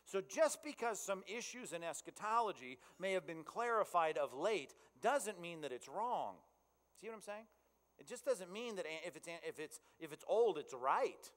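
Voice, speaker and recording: A male pastor preaching in an easy, conversational style, often asking his listeners if they follow. His voice sits a touch high and carries a long reverb, as in a big hall. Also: lively intonation, normal speed, a bit bright. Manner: conversational, checks in with the audience. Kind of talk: sermon.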